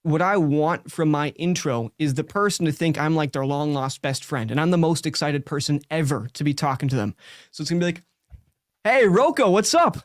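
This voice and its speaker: A man's voice: a little high, a little fast, no room sound, studio quality. A man who hosts a show, giving direct, talkative live coaching feedback with many likes and restarts. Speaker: sales coach and show host.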